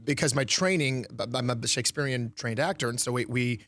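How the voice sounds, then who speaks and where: A man in his forties with a Detroit Midwestern accent, an actor and comedian telling lively stories in an interview and slipping into voices. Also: mid-range voice, brisk. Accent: Midwestern American (Detroit). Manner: lively storyteller, slips into voices and impressions. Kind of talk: animated interview talk.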